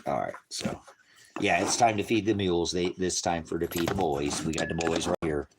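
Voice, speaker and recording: A man with a notably deep voice talks loosely on a livestream from home. He rambles from topic to topic, cracks crude jokes, and slips into doting baby talk with his dogs. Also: normal speed, heavy background noise. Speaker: livestream host.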